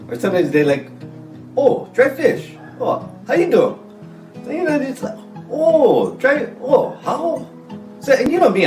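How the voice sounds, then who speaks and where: A man's voice: sits high, darkish tone, reverberant, recorded from a distance, pitched above the performer's own voice. A man putting on a heavy Hawaiian Pidgin accent for a joking recipe video, chatty and playful. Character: exaggerated laid-back island guy, male adult. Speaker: home cook in a recipe video.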